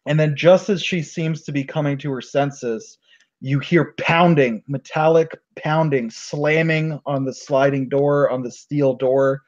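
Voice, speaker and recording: A man who is game master, narrating a tabletop game in a relaxed way, with plenty of fillers. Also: a little high, a little slow. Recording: dull lo-fi recording.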